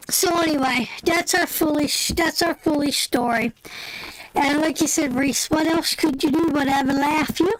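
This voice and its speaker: A woman hosting a live stream, telling a funny anecdote in a colloquial, animated way and laughing often. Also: high voice, takes it slowly, long pauses, rough recording. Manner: animated storyteller, breaks into laughter; colloquial, drops into "me" for "my". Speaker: tarot live-stream host.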